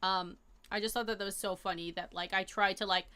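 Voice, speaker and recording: Bright-voiced young woman chatting casually. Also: medium pitch, a little fast. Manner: rambling and animated, lots of fillers and slang. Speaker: live streamer. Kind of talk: casual chat to a live chat audience.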